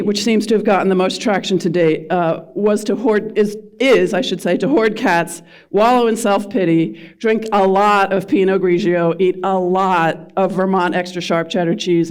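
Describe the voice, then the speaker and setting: A woman's voice: fairly low pitch, a little mellow. A middle-aged woman from the Philadelphia suburbs giving a public speech to a live audience, joking at her own expense and asking the crowd questions. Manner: self-deprecating, quizzes the audience. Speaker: speaker at a community event.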